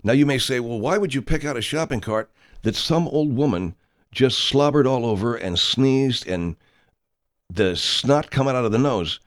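A man's voice: mid-range voice, lively intonation, moderate pace, natural voice. A man playing a pompous, self-important horror film director who rambles through an anecdote and talks about himself in the third person. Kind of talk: comedic character monologue.

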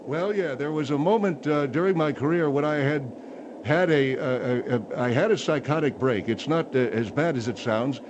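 A man's voice: a little high, moderate pace, dull audio, noisy background, close to an everyday voice. A man playing a blustery condescending general. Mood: boastful. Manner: bossy, stammering, condescending. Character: blustery retired male general, gruff and condescending. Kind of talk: comedy radio bit.

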